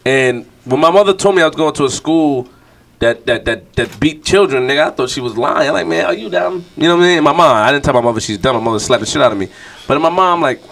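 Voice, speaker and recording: A man's voice: mid-range voice, lively intonation, fast talker, a bit bright. A young man hosting a podcast, telling a story casually and acting out the quotes, swearing freely. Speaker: podcast host.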